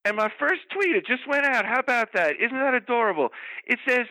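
A man's voice: extremely high pitch, sing-song, normal speed, sharp tone, no echo, pitched above the performer's own voice, heavily acted, poor audio. A man voicing a flustered, bawdy old Southern belle who keeps gasping with hiccups as she rambles through scandalous gossip. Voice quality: gasping hiccups between phrases. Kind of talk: comedic character bit.

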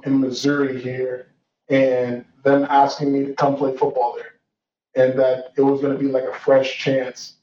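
Speaking in a mid-range, darkish voice, this young man is a guest recounting his own story earnestly and reflectively, with plenty of fillers and restarts. The audio feels distant and roomy, dull, with a bit of faint noise.

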